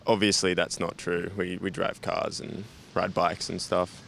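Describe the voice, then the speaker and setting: A man's voice: sits low, level tone, unhurried, gravelly, fairly bright tone, slight background noise. An Australian man telling a joking story in a laid-back way. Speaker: interviewee. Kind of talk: casual anecdote.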